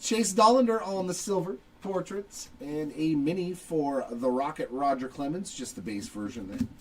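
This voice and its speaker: A man's voice: on the high side, expressive, moderate pace, fairly bright tone, distant mic, rough recording. Middle-aged guy chatting thru a card break, sits back from the mic, bit of faint hiss. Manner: joking, chatty, reads out cards as he pulls them. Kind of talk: casual live card-break commentary. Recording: voice somewhat off-mic with faint background noise.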